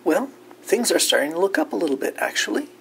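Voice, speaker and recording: A player speaking in character with an upbeat, wry delivery and a gravelly, creaky texture to the voice. Short halts break up the otherwise cheerful recap. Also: mid-range voice, very animated, fast talker, a bit bright, slight background noise.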